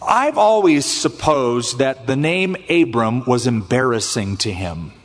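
A man preaching a sermon as pastor, expressive and acting out scripture voices. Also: medium pitch, a little slow. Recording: long hall reverb.

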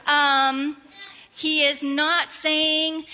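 Slow, high-voiced woman preaching. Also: pushed and bright. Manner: slow, deliberate preaching with scripture readings. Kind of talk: sermon. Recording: dull sound, long hall reverb.

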